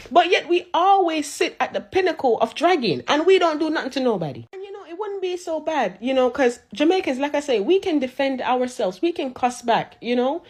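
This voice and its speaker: A woman delivers a social media roasting rant. She sounds sassy, sarcastic and mocking. Her voice sits fairly high.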